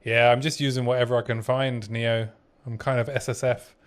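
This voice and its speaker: A man streaming a game in casual chat, relaxed, reading chat aloud and replying. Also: mid-range voice, fairly quick, clear, resonant tone.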